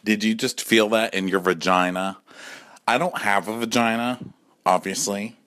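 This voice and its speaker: A man's voice: lowish voice, fairly even intonation, normal speed, fairly bright tone. A man in his forties delivering a campy, profane comic monologue at home, often acting out other voices. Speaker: comedy podcast host.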